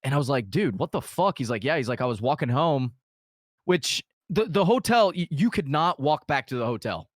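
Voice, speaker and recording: Man, crude animated storyteller, lively higher voice, dry sound. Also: normal speed, no echo. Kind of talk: casual storytelling chat.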